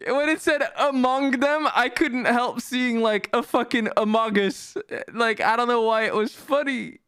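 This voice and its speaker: A young male streamer with a high, smooth voice chats to his viewers at a home streaming setup. He is excitable and self-mocking and swears freely, and the sound is close and dry. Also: unhurried, hardly any pauses, no room sound. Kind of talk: casual live-stream commentary.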